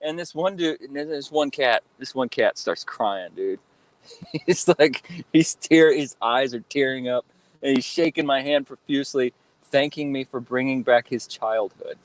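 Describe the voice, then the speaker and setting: A man in his thirties, a guest telling stories in a relaxed interview, rambling with lots of fillers and restarts. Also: medium pitch, measured pace, no echo, rough recording. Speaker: guest, fan-film actor and cosplayer. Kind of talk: casual interview chat.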